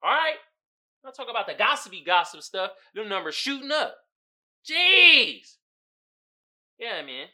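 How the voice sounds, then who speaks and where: A man hosting a podcast in a casual, comedic commentary style. He swears freely, laughs often, and swings from low mumbling to loud outbursts. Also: sing-song, unhurried, pauses often. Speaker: podcast host.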